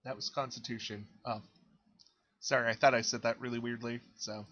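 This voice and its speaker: A man narrating a tabletop game as game master, relaxed and halting, often pausing on fillers. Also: medium pitch, lo-fi sound.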